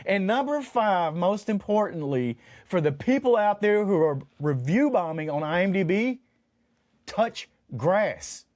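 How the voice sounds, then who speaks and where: A man with a high, very lively voice rants through his points on a podcast, mock-exasperated and playful. The sound is dry and close. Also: a little slow, dry recording. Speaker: podcast co-host. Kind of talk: ranting casual chat.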